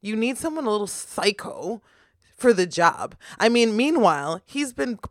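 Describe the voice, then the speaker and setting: A woman's voice: fairly high pitch, big pitch swings, normal speed, dry recording, clean studio sound. A woman, co-hosting a podcast in rambling, casual chat full of fillers. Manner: rambling, many fillers, laughing. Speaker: podcast co-host.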